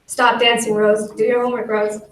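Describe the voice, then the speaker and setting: A woman's voice: on the high side, flat delivery, fairly quick. A teenage girl reading her own poem aloud at a school event, nervous, giggly and emotional. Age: late teens. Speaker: high school student poet. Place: school auditorium. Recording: echoey hall from far off, faint noise.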